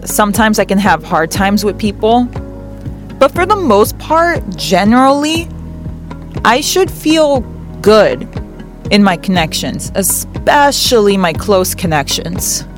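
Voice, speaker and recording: Woman host for a spiritual reading show: slow and gentle, earnest, leans on repeated words, with faint music behind. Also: mid-range voice. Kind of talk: reflective spiritual advice talk.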